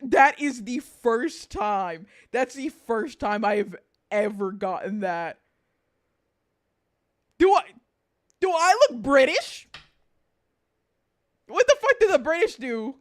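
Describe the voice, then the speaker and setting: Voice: mid-range voice, big pitch swings, slow, long pauses. A VTuber streamer chatting casually with chat, reading messages aloud, swearing freely and often breaking into laughter.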